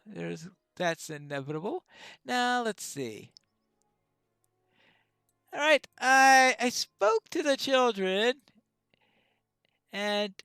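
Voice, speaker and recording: Slow-talking woman game commentator. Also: medium pitch, lively intonation, gravelly, fairly bright tone, smooth, dry recording. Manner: chatty, wry asides, drawn-out musing. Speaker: let's-play host. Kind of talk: casual gameplay commentary.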